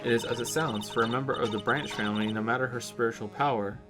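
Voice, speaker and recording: A man's voice: medium pitch, steady tone, fast talker, over music, close to an everyday voice. A man voicing a stern, formal older woman who is a spirit medium's aunt, speaking with stiff archaic politeness. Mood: haughty.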